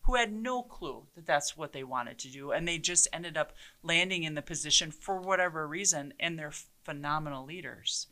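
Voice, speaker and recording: A woman in her forties, a police chief, telling stories in a passionate, animated way during an interview. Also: low-pitched, moderate pace, few pauses. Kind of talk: conversational interview.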